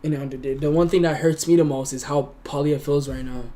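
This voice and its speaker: A man's voice: a little high, steady tone, brisk, dark tone. A young man streaming live, talking earnestly and emotionally, often stumbling over and repeating his words. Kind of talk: casual livestream chat.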